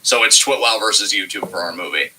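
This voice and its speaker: A man co-hosting a casual chat show, rambling excitably, laughing often and swearing freely. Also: lowish voice, fast, slightly rough, rough recording. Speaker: podcast co-host.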